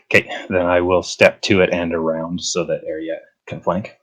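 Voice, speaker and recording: A man's voice: sits low, flat delivery, moderate pace. A man playing a tabletop game, speaking briefly and a little hesitantly. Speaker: player.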